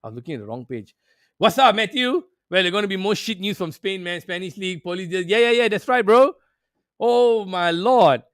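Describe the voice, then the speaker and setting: A man's voice: sits high, lively intonation, fast talker, fairly bright tone, no echo, studio quality. A man hosting a football talk show, ranting in a profane, sarcastic way. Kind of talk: heated casual commentary.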